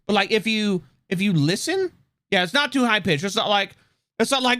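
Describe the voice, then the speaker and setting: A man streaming live, reacting loudly with lots of swearing and laughter. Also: high-pitched, lively intonation, fairly quick, dry recording, studio quality. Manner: loud, profane, laughing often.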